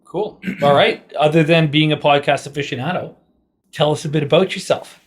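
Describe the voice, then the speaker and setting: A man's voice: a little high, steady tone, normal speed. A man hosting a podcast, asking questions in an upbeat, enthusiastic, casual way. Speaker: podcast host. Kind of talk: casual interview chat.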